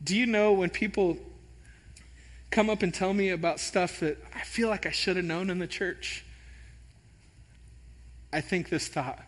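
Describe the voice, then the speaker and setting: A man pastor preaching a sermon, telling an animated, self-deprecating story. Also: high-pitched, normal speed, pauses often. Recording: long hall reverb.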